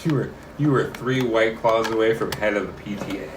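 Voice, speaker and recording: A man's voice: lowish voice, a little fast. Guy swearing and ribbing his cohost over whiskey, faint hiss behind. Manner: crude, swearing, teasing jokes. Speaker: whiskey tasting co-host. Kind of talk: casual tasting chat.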